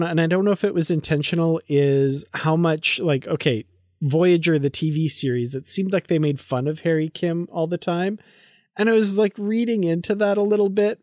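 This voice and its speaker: Casual male podcast co-host, slightly higher voice, dry close mic, chatty book talk. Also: a little mellow, no room sound. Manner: chatty, acts out characters' lines in quick asides. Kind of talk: casual book-club discussion.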